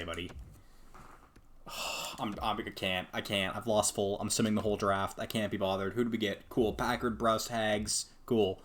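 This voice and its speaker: A gaming YouTuber mutters to himself while playing a hockey video game, his casual commentary exasperated and sarcastic. His voice sits at a fairly low pitch and sounds a bit bright.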